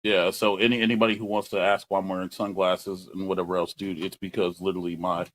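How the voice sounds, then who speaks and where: A man co-hosting a casual chat in a dry, low-key manner. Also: level tone, fast, fairly bright tone, no echo. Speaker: co-host.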